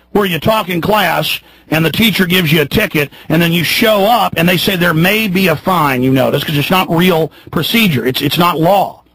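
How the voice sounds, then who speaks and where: A radio talk show host in his thirties delivering a heated, fiery monologue, swinging between shouts and low mutters. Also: gravelly, slightly rough, rough recording. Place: radio studio.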